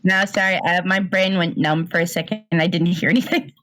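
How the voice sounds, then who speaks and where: A woman in a casual group chat, bubbly and quick to laugh. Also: lowish voice, steady tone, background noise. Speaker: reader in discussion panel.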